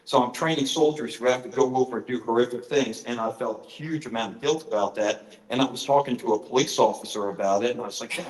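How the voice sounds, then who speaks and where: A man's voice: medium pitch, fast talker, few pauses. Earnest middle-aged man, echoey hall. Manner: earnest, storytelling, frequent fillers. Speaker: author giving a presentation. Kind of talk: conference talk with personal stories. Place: conference hall.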